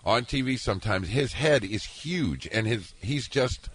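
A man's voice: medium pitch, expressive, unhurried, husky, no echo. A male radio co-host joking around in casual banter.

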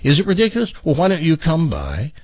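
A man's voice: a little high, wildly swooping pitch, fast, a little mellow, no echo, voice pushed up, full character voice. A man voicing a sly male dog owner coaxing a buyer in a casual folksy way. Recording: dull dry studio sound.

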